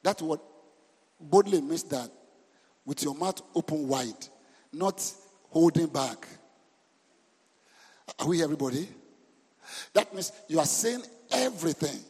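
A middle-aged senior pastor preaches a sermon in a fairly high, husky voice, animated, repeating words and often stopping to question the congregation. He speaks a little slowly with long pauses, and the church hall gives a long reverb.

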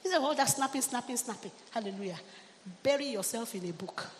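A middle-aged woman pastor delivers a sermon in a high voice, pressing her congregation with calls for amen and hallelujah. Her voice rings with the long reverb of a big hall, with a faint hum of room noise underneath. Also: expressive, fast talker. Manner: exhorting, call-and-response with the congregation.

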